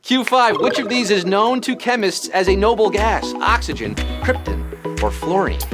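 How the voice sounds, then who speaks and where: A man's voice: high-pitched, animated, normal speed, over music. A man hosting a live trivia game, rattling off questions with puns, jokes and sudden silly voices. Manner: punning, jokey, bouncy delivery with sudden silly voices. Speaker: quiz show host.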